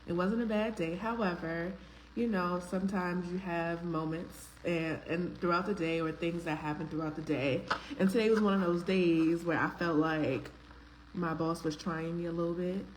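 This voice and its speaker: A woman's voice: fairly low pitch, fairly even intonation, normal speed, slight background noise, rough recording. A woman, hosting a live faith-based talk stream, greeting viewers by name in a chatty way with frequent ums. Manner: uses casual slang, filler ums. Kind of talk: casual live-stream chat.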